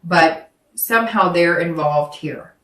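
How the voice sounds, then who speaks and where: Woman tarot reader, lowish voice, chatty and rambling, recorded off-mic in an echoey room. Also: takes it slowly, a bit bright, recorded from a distance, slight background noise. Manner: rambling, self-correcting, speaks directly to viewers. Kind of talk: casual tarot reading to camera.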